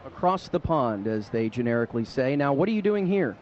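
A man's voice: medium pitch, sing-song, fairly quick, a little mellow, dull audio, slight background noise. A man doing a live roaming interview outdoors at a busy event, full of teasing banter.

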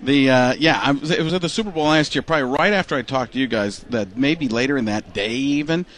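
A man telling a lively anecdote in casual chat, slipping into quick impressions as he goes. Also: medium pitch, a little hiss or hum. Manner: animated, slips into quick impressions. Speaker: guest impressionist. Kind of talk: casual storytelling.

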